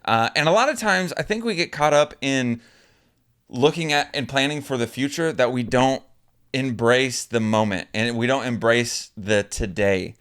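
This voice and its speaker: A man's voice: medium pitch, moderate pace, fairly bright tone, clean tone. A young man in his twenties, co-hosting a podcast in casual chat, talking earnestly and reflectively, rambling with fillers. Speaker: podcast co-host.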